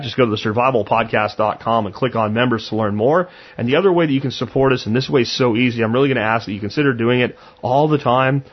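A man's voice: mid-range voice, muffled recording. A man hosting a podcast, talking in a blunt, conversational way and acting out what he said. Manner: blunt, conversational, acts out his own quotes. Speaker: podcast host. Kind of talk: casual monologue.

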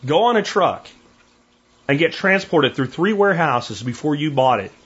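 A lively podcast host with a husky, slightly high voice tells stories at a normal speed. His casual monologue is animated, and he acts out the voices of the people he quotes. The audio has a dull, lo-fi quality.

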